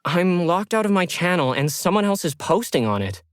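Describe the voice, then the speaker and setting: A woman's voice: lowish voice, very animated, normal speed, dry recording, studio quality, pitched above the performer's own voice. A man voicing a young woman video star who stammers and sounds flustered in an audio story. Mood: distressed. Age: young adult.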